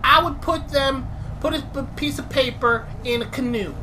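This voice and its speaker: A woman's voice: high voice, moderate pace, pushed and bright, a little hiss or hum. A woman watching a horror game being played, commenting with teasing, dry jokes. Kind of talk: let's play commentary.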